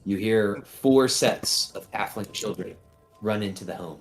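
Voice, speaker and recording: A man narrating a tabletop game as game master, relaxed and full of fillers. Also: lowish voice, measured pace, soft background music.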